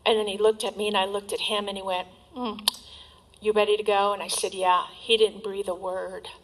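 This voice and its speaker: A middle-aged woman telling her recovery story as a personal testimony, candid and emotional, with soft trailing asides. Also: medium pitch, flat delivery, a little fast, low-quality recording.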